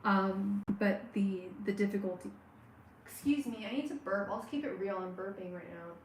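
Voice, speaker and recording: A woman giving a live tarot reading on a stream, speaking warmly and straight to the viewer, with many halting restarts and fillers. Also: medium pitch, roomy sound, a little hiss or hum, rough recording. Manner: warm, personal, talks straight to the viewer. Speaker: tarot reader.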